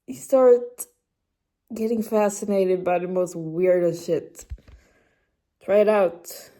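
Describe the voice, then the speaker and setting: Young female vlogger, voice-over, relaxed and self-amused, very slow delivery with a soft, mellow voice. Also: mid-range voice. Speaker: lifestyle vlogger. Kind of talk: voice-over commentary.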